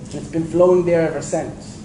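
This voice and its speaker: A man giving a storytelling religious lecture to an audience, animated and acting out the voices he quotes. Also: a little high, brisk. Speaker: preacher. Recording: echoey hall with faint ambient noise.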